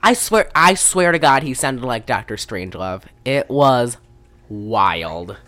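A woman's voice: extremely low pitch, animated, slow, fairly bright tone, dry recording. A young woman recapping a movie in casual chat, rambling and profane, acting out the characters' lines. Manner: rambling, profane, acts out quotes.

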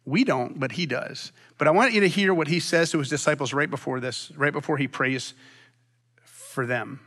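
A man preaching a sermon as pastor, long-winded and animated, with frequent restarts. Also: a little high, moderate pace.

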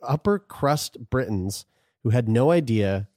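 A man's voice: medium pitch, measured pace, no room sound, studio quality. A man co-hosting a casual podcast, reading items aloud in a crude, joking manner. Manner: animated, crude, laughs while reading. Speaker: podcast co-host.

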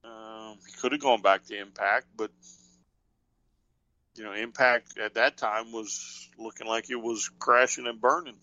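A man in a loose podcast chat who wanders through his points and leans on fillers as he thinks aloud. His voice is bright and forward, recorded close and dry with no room sound. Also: lowish voice, fairly even intonation, a little slow, no echo, lo-fi sound. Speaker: podcast co-host. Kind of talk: casual wrestling chat.

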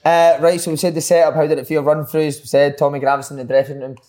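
Scottish guy, high voice, rattles off quick laughy podcast banter, swears a lot. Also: little pitch movement, dark tone. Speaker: podcast host. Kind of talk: casual banter.

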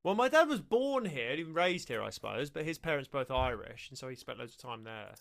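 A man's voice: mid-range voice, big pitch swings, a little fast, gravelly, fairly bright tone. A British man co-hosting a podcast, chatting casually in a joking, rambling way. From Britain. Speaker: podcast co-host. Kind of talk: casual chat.

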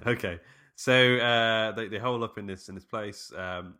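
A man's voice: fairly low pitch, unhurried, pushed and bright. A man co-hosting a casual film podcast, rambling with many fillers. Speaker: podcast co-host.

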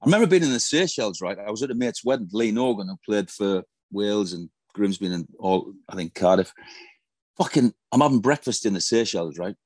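A man in his fifties tells old football stories in a casual interview, swearing freely. His voice sits low. The sound is dry and close. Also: expressive, a little fast, a little mellow, no room sound. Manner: profane, storytelling, swears constantly. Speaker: former footballer, guest.

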